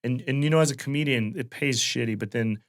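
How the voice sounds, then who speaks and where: A comedian in his late thirties from Wyoming, spinning a rambling, profane story on a casual podcast. His voice has a gravelly, fry-edged texture at a middle pitch. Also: fast talker, slight background noise. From Wyoming, USA. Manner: loose, profane, animated anecdote telling. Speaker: guest comedian.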